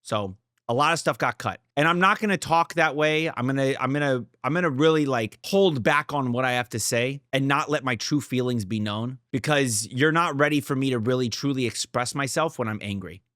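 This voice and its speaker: A man's voice: mid-range voice, a little fast, fairly bright tone, dry recording, studio quality. A young man hosting a reaction video, talking casually, blunt and profane, often swearing and getting worked up. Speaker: reaction channel host.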